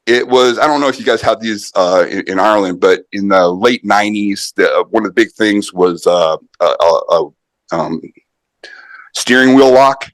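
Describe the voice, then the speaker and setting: Middle-aged male guest, low-ish voice, dry close mic, animated storyteller with fillers. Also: normal speed, no echo. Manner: animated anecdote-telling with many fillers and restarts. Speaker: podcast guest, martial arts author. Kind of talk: conversational storytelling.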